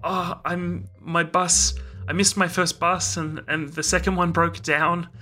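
A man's voice: sits high, little pitch movement, a little slow, pushed and bright, soft background music, pitched above the performer's own voice. A man voicing a flustered young businessman who is running late, stammering and apologizing in a breathless rush. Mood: exasperated.

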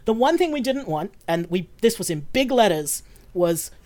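A woman's voice: mid-range voice, big pitch swings, normal speed, darkish tone. An Australian woman who produces and casts a show, chatting casually on a podcast, laughing often and swearing freely. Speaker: producer and casting director.

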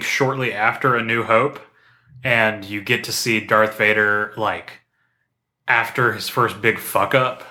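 A man on a casual podcast, talking with eager enthusiasm and frequent "um"s and restarts. His voice sits a little low yet comes across bright and forceful. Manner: enthusiastic, rambling with fillers. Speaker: podcast co-host. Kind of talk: casual chat.

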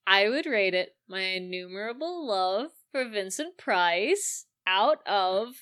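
A woman's voice: mid-range voice, takes it slowly, smooth. A woman co-hosting a casual film review podcast, acting out the scenes she retells. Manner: animated, acts out scenes in voices. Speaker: podcast co-host.

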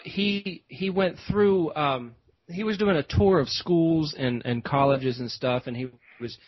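A podcast host with a fairly high voice tells a rambling story at a measured pace, full of fillers and restarts. It's casual storytelling captured in dull, lo-fi podcast audio.

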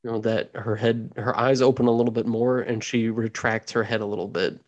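A man's voice: mid-range voice, fairly even intonation, brisk, muffled recording. Man narrating as game master. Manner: loose, filler-heavy description.

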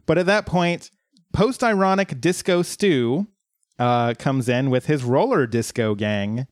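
A man co-hosting a podcast, recapping a TV episode in relaxed, unhurried casual chat. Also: medium pitch, dry recording, studio quality. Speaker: podcast co-host.

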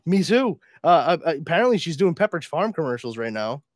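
A man's voice: a little high, big pitch swings, fairly quick, no room sound, studio quality. A man co-hosting a podcast in casual chat, talking eagerly and enthusiastically. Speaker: podcast co-host.

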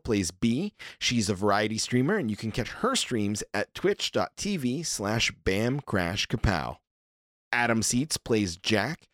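A man hosts and runs a tabletop roleplaying podcast, reading out the cast and credits. His delivery is upbeat, and his pitch rises and falls freely. The recording is dry, with no room sound. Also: dry recording. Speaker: game master and podcast host.

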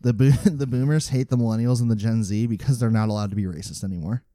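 Man, casual chat, excitable, rambling, relaxed dark voice, dry sound. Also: medium pitch, fast, dry recording. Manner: excitable, rambling, many restarts.

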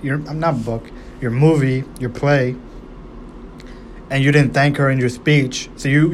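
A man's voice: medium pitch, a little hiss or hum. A man casually breaking down a movie, rambling and swearing, with lots of fillers and restarts. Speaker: movie reviewer.

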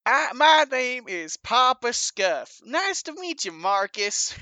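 Woman playing a dim folksy old wasteland man, rambling, wheedling, lively pitch. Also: slow, dry recording, full character voice. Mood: friendly. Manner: rambling, wheedling salesman talk. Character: dim, folksy older male wasteland wanderer. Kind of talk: tabletop role-play.

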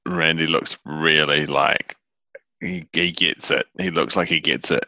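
A man's voice: extremely low pitch, fairly even intonation, measured pace, sharp tone, no echo. A man, playing a tabletop game and chatting in a bemused way. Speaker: player. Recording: dull dry lo-fi mic.

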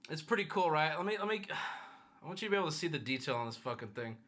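A man's voice: on the high side, animated, fast, a bit bright. A man livestreaming, telling a story casually and profanely, acting out the voices of the people he quotes. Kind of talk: casual storytelling to a stream audience.

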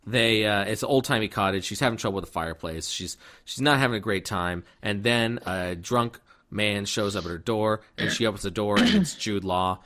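A man with a fairly low voice chats loosely through a movie's plot. He circles back, restarts his sentences and drops in quick impressions of the characters. The tone is relaxed, like friends talking. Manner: rambling, many fillers and restarts, acts out characters' lines. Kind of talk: casual movie recap chat.

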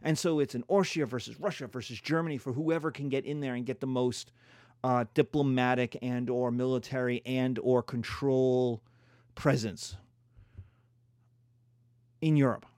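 A man's voice: mid-range voice, fairly even intonation, normal speed, a little mellow, dry recording, studio quality. A man giving a playful history lecture, acting out countries in silly voices.

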